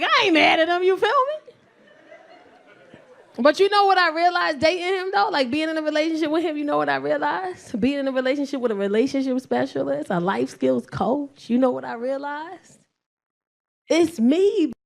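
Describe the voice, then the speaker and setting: Loud high-voiced New York woman comic. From South Bronx, New York. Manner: loud, animated, shouting punchlines, acting out both sides. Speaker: stand-up comedian. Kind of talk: stand-up comedy.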